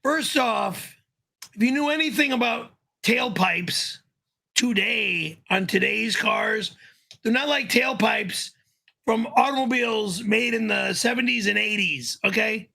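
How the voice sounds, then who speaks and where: A man doing a gravelly, high-pitched, cursing ranter. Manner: cursing, quick-tempered, flies into high-pitched yelling. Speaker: host of a live stream. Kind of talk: irate live-stream rant.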